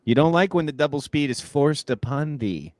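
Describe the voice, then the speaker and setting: Relaxed joking man on a stream. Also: a little high, normal speed, dry recording. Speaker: stream co-host. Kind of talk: casual chat.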